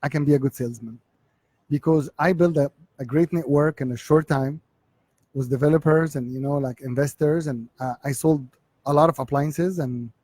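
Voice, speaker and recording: A man in his forties from Egypt with an Egyptian accent, telling his life story as an interview guest, halting and repeating words as he looks for the English. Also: on the high side, warm tone, slightly rough.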